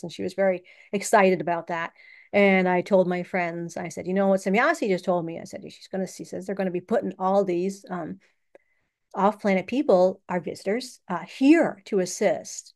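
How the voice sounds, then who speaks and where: A woman's voice: lowish voice, darkish tone, clean tone. A woman hosting her own channel, talking in a casual, rambling personal monologue and laughing often. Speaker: channel host.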